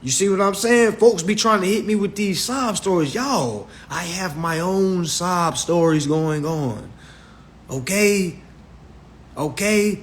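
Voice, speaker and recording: A man's voice: high voice, slow. A young man hosting a phone livestream, giving blunt, profane instructions on reading contracts and checking in with his viewers again and again. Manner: blunt, profane, keeps checking in with "all right?"; repetitive, emphatic preaching tone. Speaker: livestream host teaching consumer law. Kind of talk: casual instructional livestream rant. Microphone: phone on a live stream.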